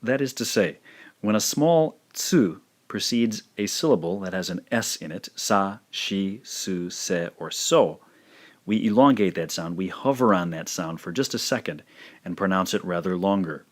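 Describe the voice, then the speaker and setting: A man teaching a language lesson, demonstrating pronunciation slowly and repeating each word several times. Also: low voice, expressive. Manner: slow, careful demonstrations with repeated words. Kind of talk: scripted lesson narration.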